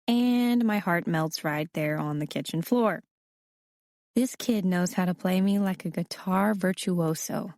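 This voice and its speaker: A woman narrating a novel in the first person in a steady, conversational storytelling manner. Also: fairly low pitch, moderate pace, no echo, studio quality. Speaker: audiobook narrator.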